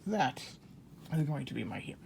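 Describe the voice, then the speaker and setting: A man hosting a casual toy unboxing video, chatty and excitable, talking to himself as he works the packages open. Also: fairly high pitch, a little fast, creaky, noisy background. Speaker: toy collector host.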